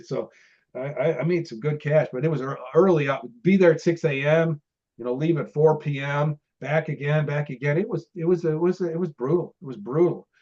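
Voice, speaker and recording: A man's voice: medium pitch, darkish tone, highs cut off. A middle-aged man, an interview guest, telling stories from his days as a film extra in a rambling, chatty way with many restarts and laughs. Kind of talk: casual storytelling interview.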